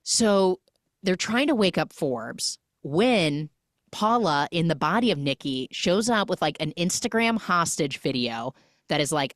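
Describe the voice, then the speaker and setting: A woman's voice: on the low side, lively intonation, no room sound, studio quality. A woman hosting a podcast, retelling a film's plot in a chatty way and briefly acting out each character's lines. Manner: chatty, acts out the characters' lines in quick snippets. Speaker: podcast host. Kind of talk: casual film recap.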